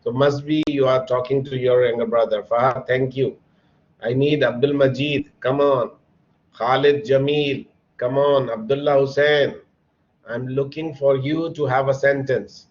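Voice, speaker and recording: Male English teacher, unhurried and encouraging, mid-pitched voice, dull lo-fi sound. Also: steady tone. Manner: slow, patient, encouraging, calls on students by name. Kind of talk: online classroom lesson.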